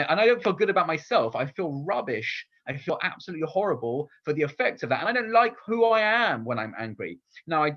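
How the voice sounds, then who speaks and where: Candid rabbi, muffled recording. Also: male voice, on the high side. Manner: candid, personal and reflective. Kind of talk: conversational sermon.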